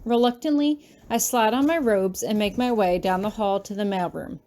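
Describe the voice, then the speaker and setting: A woman reading her fan fiction aloud in the first person, soft and anxious in tone. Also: medium pitch, normal speed. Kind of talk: first-person audiobook narration.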